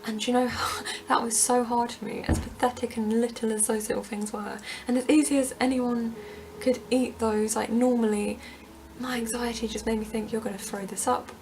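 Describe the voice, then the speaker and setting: A young woman talks candidly to camera in a personal vlog, her slightly high voice tumbling through the story with nervous laughs. A gravelly fry sits under her words, and a faint hiss of background noise runs behind. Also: flat delivery, normal speed, a little mellow. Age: young adult. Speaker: vlogger.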